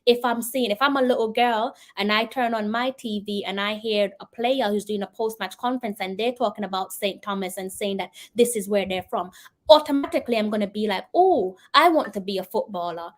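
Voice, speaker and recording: Jamaican woman, live-stream host, earnest, persuasive, mid-pitched voice, chatty. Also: fairly quick. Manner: earnest, persuasive, talks straight to viewers. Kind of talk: live-stream commentary answering viewer comments.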